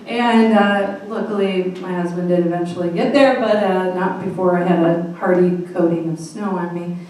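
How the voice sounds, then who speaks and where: A woman's voice: on the low side, fairly even intonation, moderate pace, a little mellow. Wry woman telling a story in an echoey room. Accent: Midwestern American. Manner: wry, self-mocking, laughing at her own bad luck. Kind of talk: live storytelling set. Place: small comedy venue. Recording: echoey room, mic from a distance.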